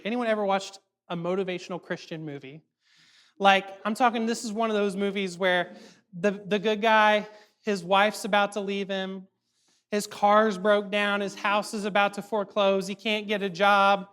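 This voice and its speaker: A man giving a casual youth sermon, animated and chatty, full of fillers and quick check-ins with his audience. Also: sits high. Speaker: youth ministry speaker.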